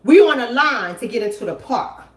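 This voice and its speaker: A woman hosting a live stream, telling a story and answering chat in an animated, emphatic way, often repeating lines for effect. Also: a little high, moderate pace, reverberant. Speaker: relationship coach and channel host.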